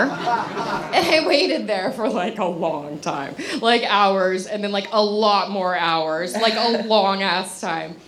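A woman telling a funny personal story to a live audience in an animated, breathless way, often laughing as she acts out her own thoughts. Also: on the high side. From Los Angeles. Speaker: comedic storyteller.

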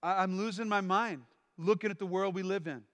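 A man preaching a sermon in a church hall, swinging between quiet explanation and loud, shouted lines. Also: high-pitched, fairly even intonation, brisk, clear, resonant tone. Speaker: pastor.

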